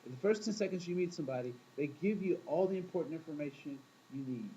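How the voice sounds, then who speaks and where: A man's voice: a little high, expressive, fast talker, dark tone, muffled recording, a little hiss or hum. A man teaching a class in a casual, storytelling way, often asking the room questions and acting out quoted voices. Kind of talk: classroom talk to students.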